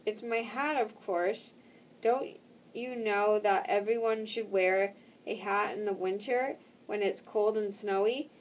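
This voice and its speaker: A woman's voice: mid-range voice, steady tone, slow pace, distant mic, a little hiss or hum, lightly acted, poor audio. A woman reading aloud as a small, proud male hedgehog who speaks earnestly and defensively. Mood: indignant.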